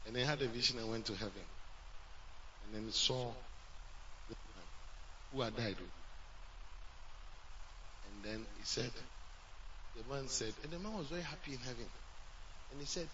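A male pastor, preaching a sermon and telling a story, swinging between loud and hushed, on a dull lo-fi recording. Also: medium pitch, moderate pace, pauses often, far from the mic, a crowd in the background.

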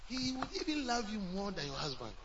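A male pastor, preaching a sermon and telling a story, swinging between loud and hushed, on a dull lo-fi recording. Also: high-pitched, big pitch swings, a little fast, distant mic, background noise.

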